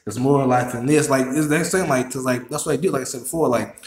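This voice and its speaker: A man hosting a reaction video who talks excitably, swears a lot and repeats himself. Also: mid-range voice, fast talker, roomy sound. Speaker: YouTube reaction host. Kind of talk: casual reaction commentary.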